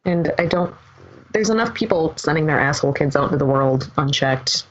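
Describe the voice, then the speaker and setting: A woman's voice: low-pitched, lively intonation, a little fast. A woman co-hosting a podcast in casual chat, blunt and self-mocking, swearing freely. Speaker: podcast co-host. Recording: muffled lo-fi sound.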